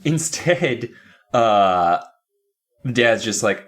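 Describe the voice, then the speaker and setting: Lively, laughing male podcast co-host. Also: on the low side, normal speed. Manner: animated, laughing, jokey asides. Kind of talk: casual chat.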